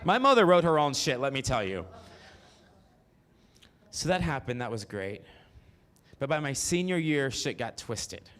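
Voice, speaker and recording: A man's voice: mid-range voice, sing-song, measured pace, pauses often, fairly bright tone. A man, telling his life story on stage in a frank, profane style with asides to the audience. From Mississippi. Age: 40s. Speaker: solo performer. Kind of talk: autobiographical stand-up storytelling.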